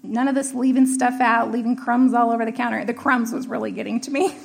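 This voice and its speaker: A woman's voice: a little high, quick pace, creaky, slight background noise. A middle-aged woman telling a personal story in a casual way, laughing often and acting out what was said. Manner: laughing often, animated retelling of dialogue.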